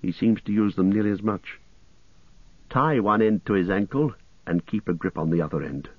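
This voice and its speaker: A man's voice: lowish voice, no room sound, lightly acted. A man voicing an earnest young male hobbit who speaks firmly and evenly. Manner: firm and measured. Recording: muffled lo-fi audio.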